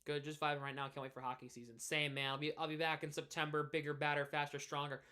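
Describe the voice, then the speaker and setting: Talking fast in a slightly high, fairly flat voice with a sharp edge, the young New Englander keeps his live-stream chat casual. At twenty, this streamer and hockey podcaster rambles, restarting sentences and filling gaps constantly.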